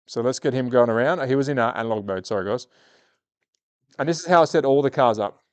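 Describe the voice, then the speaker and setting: A man's voice: medium pitch, fast talker, smooth, dry recording. A man with an Australian accent hosting a live slot car stream, chatting casually with viewers and calling the race. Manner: casual, talks to chat, turns excited calling the race. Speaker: slot car livestream host.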